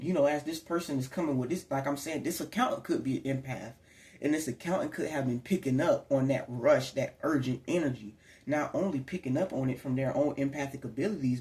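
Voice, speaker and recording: In an echoey room, a male tarot reader with a medium-pitched, slightly mellow voice gives his audience a casual, rambling reading to camera. He talks conversationally and sometimes slips into acted-out quotes.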